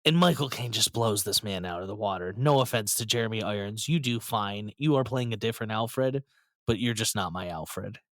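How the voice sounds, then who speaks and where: As co-host of a casual podcast chat, a man comes across enthusiastic and emotional, often stumbling over his words. His voice is fairly low at normal speed, recorded dry with clean studio sound.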